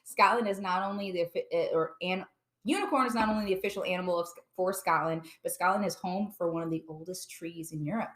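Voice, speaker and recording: A woman's voice: lowish voice, fast, a bit bright. A woman co-hosting a podcast in casual chat, playful and rambling, often tripping over her words. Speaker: podcast co-host.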